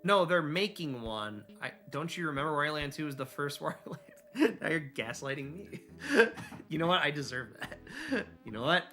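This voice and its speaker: A man streaming a video game, chatting casually and excitably with his viewers and joking around. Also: a little high, moderate pace. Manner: excitable and jokey, reading chat aloud. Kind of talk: casual live-stream chat while gaming.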